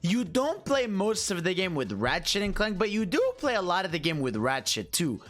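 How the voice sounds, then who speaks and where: Animated male podcast host. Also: high voice, normal speed, soft background music. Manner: animated, filler-heavy, agreeable. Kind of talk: casual gaming podcast chat.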